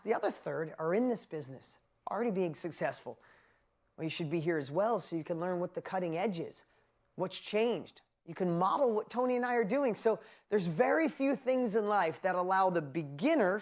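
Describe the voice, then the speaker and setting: A middle-aged woman with a New York accent giving a motivational seminar talk as a business coach, telling stories and acting out her own inner voice. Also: medium pitch. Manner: animated storytelling with acted-out inner voices.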